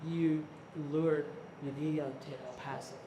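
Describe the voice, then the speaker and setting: A woman interviewing guests on stage, asking measured questions with fillers and quick affirmations. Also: low-pitched, fairly even intonation, dark tone. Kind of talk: onstage interview. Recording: echoey hall.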